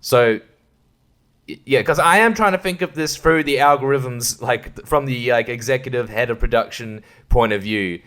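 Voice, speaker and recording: A man's voice: mid-range voice, normal speed, fairly bright tone. A man hosting his own podcast, rambling crudely in a casual solo rant and laughing often. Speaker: podcast host.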